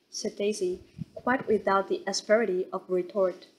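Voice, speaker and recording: Female audiobook narrator, steady and even, reading a classic novel. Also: medium pitch, normal speed, slightly rough, low-quality recording.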